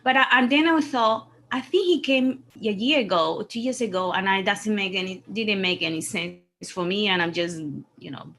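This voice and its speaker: A woman's voice: mid-range voice, normal speed, a bit bright. A woman on a video call from her home kitchen, hesitantly thanking the reader. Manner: grateful, hesitant, repeats thanks. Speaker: webinar participant. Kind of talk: casual chat on a video call.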